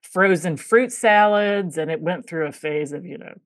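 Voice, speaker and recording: A woman's voice: fairly low pitch, normal speed, no echo, studio quality. A woman hosting a podcast, chatting casually with a guest and telling stories with plenty of fillers. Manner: chatty, storytelling, many fillers. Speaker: podcast host. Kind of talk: casual interview chat.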